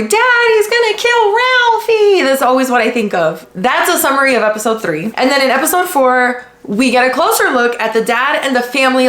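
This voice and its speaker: A woman from the United States hosting a podcast, talking in a blunt, casual way with lots of swearing and animated retellings. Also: on the high side. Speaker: podcast host. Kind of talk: casual commentary. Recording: echoey room.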